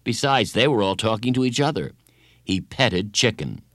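Lively man reading a children's story. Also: lowish voice, normal speed, no echo, studio quality. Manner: expressive, animated storytelling. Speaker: narrator.

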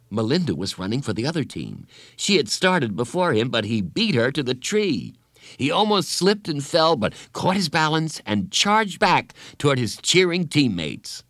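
A man reading a children's story aloud with expressive, animated storytelling. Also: a little high, no echo, studio quality. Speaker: narrator.

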